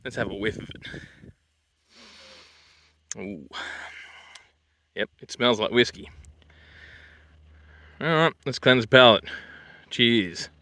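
Crude bright-voiced Australian bloke. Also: male voice, medium pitch, takes it slowly, long pauses. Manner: crude, swearing, larrikin banter. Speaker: drink and food reviewer. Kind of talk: crude casual vlog commentary.

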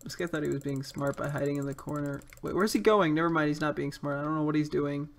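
A man's voice: on the high side, steady tone, fast, gravelly. A young man playing an online game and chatting with a friend, joking and teasing with sudden yelps. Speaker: gaming YouTuber. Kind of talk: casual gaming chat.

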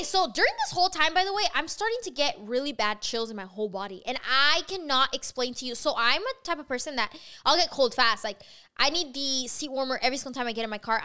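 Podcast host: high, bright woman, rapid-fire profane storytelling. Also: smooth. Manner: fast, profane, animated storytelling. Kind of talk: casual storytelling chat.

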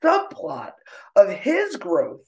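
A middle-aged woman speaking as a podcast guest, expressive and emotional, laughing often as she talks. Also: high-pitched, very slow. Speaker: podcast guest, artist and author. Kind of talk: casual conversational interview. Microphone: own microphone.

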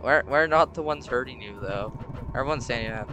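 A young man chatting casually through a horror game, jumpy and prone to sudden shouts. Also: medium pitch, moderate pace, over music. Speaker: gamer. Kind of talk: casual gameplay commentary.

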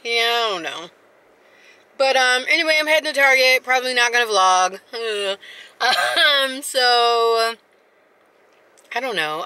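A woman with a drawl talks casually to her camera, rambling from one thought to the next. Her voice sits a bit high and sounds bright and forceful. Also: takes it slowly, long pauses, smooth. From South Carolina. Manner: rambling and chatty, talks straight to viewers. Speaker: vlogger. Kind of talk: casual vlog chat.

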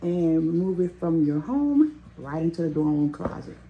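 A woman's voice: low-pitched, very animated, measured pace, highs cut off. A woman in her forties, a vlogger, talking in a heartfelt, tearful, chatty way. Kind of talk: emotional vlog. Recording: noisy handheld recording.

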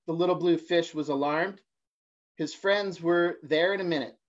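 A man in his forties, a guest reader, reading a children's picture book on a livestream, halting at times with fillers and restarts. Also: a little high. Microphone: phone or laptop for a livestream. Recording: dull lo-fi livestream audio.

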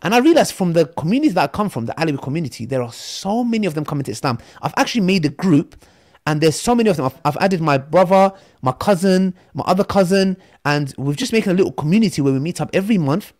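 A man, a podcast guest who tells lively stories and acts out the voices in them. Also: a little high, quick pace. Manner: animated storyteller, acts out quotes.

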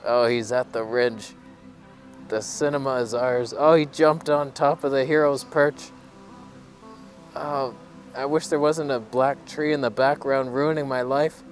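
A man vlogging out of doors, bantering and teasing himself as he goes. His pitch sits mid-range and easy, with a little music faint under him. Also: steady tone, measured pace. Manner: playful, self-mocking banter with mock narration. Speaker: camera reviewer and vlogger. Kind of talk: joking outdoor vlog chat. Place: outdoors at a beach ridge.

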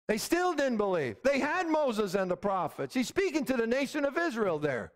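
A middle-aged male pastor delivers an emphatic sermon in a very high voice. His pitch swings widely and stays lively, and he keeps asking the room for an "Amen?". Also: normal speed, few pauses. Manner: emphatic preaching, repeated calls of "Amen?".

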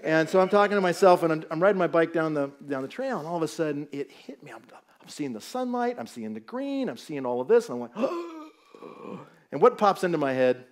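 A man's voice: a little high, fairly quick. A middle-aged man from Southern California, a guest pastor giving a humorous, storytelling sermon in a church. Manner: animated, storytelling, jokes with the audience. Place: church sanctuary.

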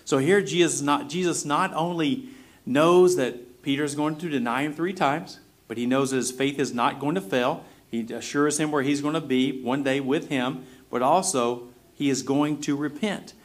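A man's voice: fairly high pitch, normal speed. A male pastor preaching a sermon in a conversational way, reading scripture aloud between plain explanations with frequent fillers.

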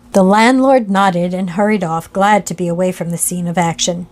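A woman narrating a classic ghost story in a slow, measured reading voice. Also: on the low side, fairly even intonation, a little mellow.

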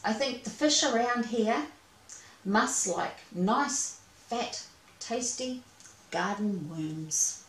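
A woman's voice: on the high side, expressive, a bit bright, roomy sound, distant mic, a little hiss or hum, voice pushed up, exaggerated voice, low-quality recording. A woman doing a polite patient elephant. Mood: reassuring. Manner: courteous, instructive, measured. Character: patient, polite male elephant fishing teacher.

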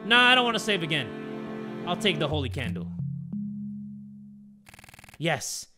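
A man's voice: on the high side, very animated, measured pace, over music. A man giving casual, joking, crude commentary while playing a horror game. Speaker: gaming video creator.

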